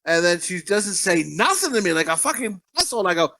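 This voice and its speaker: A man's voice: sits high, big pitch swings, brisk, few pauses, pushed and bright. Foul-mouthed man ranting. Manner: profane, blunt, ranting. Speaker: podcast co-host. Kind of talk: casual ranting chat.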